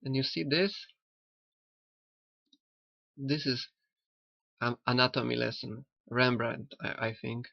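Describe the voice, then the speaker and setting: A man who learned later in life talks slowly, halting and repeating himself. His voice is gravelly and the recording is dry and dull, as if taken close up with a cheap mic. He muses on a cartoon in a loose, spiritual way. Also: medium pitch, steady tone, no echo. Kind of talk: rambling spiritual commentary on a cartoon. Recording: dull lo-fi sound.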